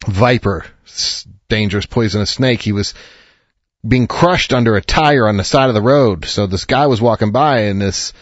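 A man's voice: mid-range voice, no room sound. Earnest man giving advice, dry dull sound. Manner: earnest, reassuring, with frequent restarts. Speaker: advice show host.

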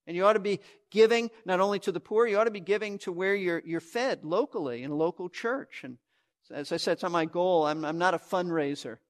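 Man, high voice, pastor, sermon, earnest, emphatic, repeats words as he teaches.

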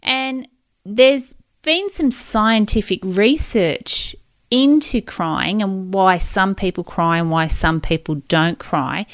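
Slow, candid woman podcaster. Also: medium pitch, no echo, studio quality. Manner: candid, emotional, rambling storytelling. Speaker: podcast host. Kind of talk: personal podcast monologue.

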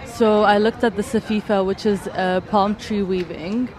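A woman's voice: mid-range voice, steady tone, moderate pace, a crowd in the background, noisy background. A woman textile artist being interviewed outdoors at a design event. She talks in a hesitant way, with fillers and restarts. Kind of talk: casual interview answers.

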